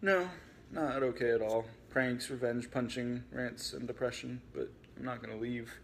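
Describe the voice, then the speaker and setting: A man voicing a frank, weary young man who is quietly upset. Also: mid-range voice, fairly even intonation, moderate pace, creaky, slight background noise. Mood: glum.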